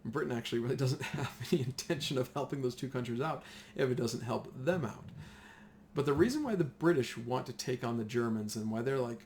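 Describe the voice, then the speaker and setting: A man teaching a casual history lesson, chatty and animated, acting out the voices of whole nations. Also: medium pitch, fairly quick, a little hiss or hum.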